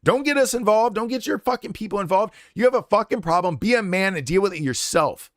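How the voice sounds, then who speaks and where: A man's voice: high voice, animated, fairly quick, fairly bright tone, no echo, studio quality. A man streaming live, delivering an impassioned, profanity-laced rant in a blunt, unscripted way. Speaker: game streamer.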